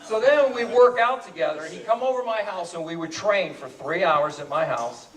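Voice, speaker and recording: Man, party speech, excited storyteller, slightly high, roomy distant sound. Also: brisk. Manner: animated, repeats words, laughs while telling. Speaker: party speaker telling a story about friends. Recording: echoey room from far off.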